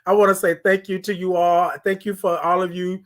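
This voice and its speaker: A man. He preaches affirmations, repeats himself for emphasis, and drops from loud calls to near-hushed tones. He sounds close to a phone or webcam mic. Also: high-pitched, level tone, brisk. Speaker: morning show host. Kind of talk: motivational live-stream talk.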